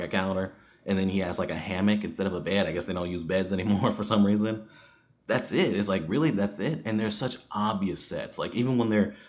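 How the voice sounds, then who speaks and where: Low-voiced man rambling through a movie review. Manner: rambling, with frequent chuckles and fillers. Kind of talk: casual spoken review.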